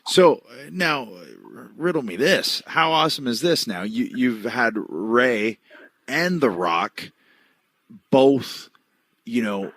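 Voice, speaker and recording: A man hosting an interview podcast, asking questions in a relaxed, chummy, teasing way. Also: medium pitch, slow, dry recording. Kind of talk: casual interview chat.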